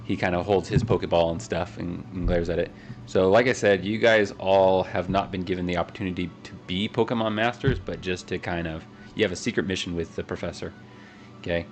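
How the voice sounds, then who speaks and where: A man with a very low voice runs a tabletop game, narrating in a loose, halting way full of ums. Faint music plays underneath. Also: steady tone. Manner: loose, hesitant, lots of ums. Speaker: game master.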